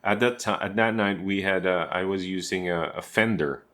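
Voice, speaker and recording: A man's voice: deep voice, normal speed, a bit bright. A man giving a casual guitar tutorial from his home room, explaining step by step with chatty asides to the viewer. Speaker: guitarist and teacher.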